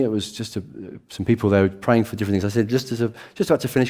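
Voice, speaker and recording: Animated British preacher, lowish voice. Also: male voice, fairly quick. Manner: animated, storytelling, self-deprecating humour. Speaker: pastor. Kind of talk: sermon. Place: church meeting room.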